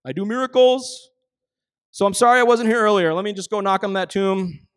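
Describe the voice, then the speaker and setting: A man's voice: high voice, fairly quick, smooth, voice pushed up, natural voice. A man voicing a breezy, offhand adult male Jesus who casually waves away a friend's death, talking in a flippant, reassuring way.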